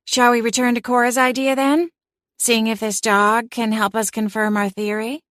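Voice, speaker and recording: A woman voicing a fussy, scolding aunt witch in a storybook reading, brisk and chiding. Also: fairly high pitch, flat delivery, fairly bright tone, no echo, studio quality, voice pushed up, lightly acted. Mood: coaxing.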